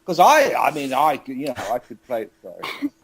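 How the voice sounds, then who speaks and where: A man's voice: medium pitch, huge pitch swings, moderate pace, husky. A British man co-hosting a radio show, joking and rambling in casual banter. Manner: joking, rambling, self-mocking. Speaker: radio co-host.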